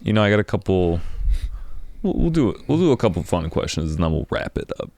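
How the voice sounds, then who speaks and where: A man's voice: deep voice, big pitch swings, brisk, a little mellow, no room sound. A man hosting a podcast, chatting in an easygoing, agreeable way with frequent restarts. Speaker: podcast host. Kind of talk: casual chat.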